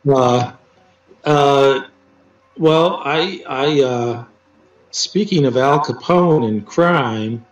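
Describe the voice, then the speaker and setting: Slow-talking man telling stories from afar. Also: medium pitch. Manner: halting, with many restarts and dry teasing. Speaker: interview guest, poet. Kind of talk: casual storytelling interview. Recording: roomy, distant, dull sound with faint music.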